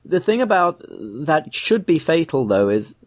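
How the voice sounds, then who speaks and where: A man's voice: fairly high pitch, sing-song, measured pace, dry recording. Dry-voiced man musing on politics. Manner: musing, explanatory, restarts words often. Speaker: podcast co-host. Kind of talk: casual political chat.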